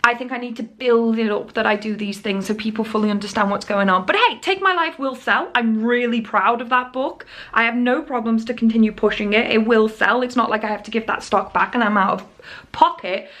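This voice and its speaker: A woman in her thirties from England, talking casually to camera at home in a daily vlog, chatty and excitable, often restarting her sentences. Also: on the high side. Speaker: vlogger. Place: cold living room at home.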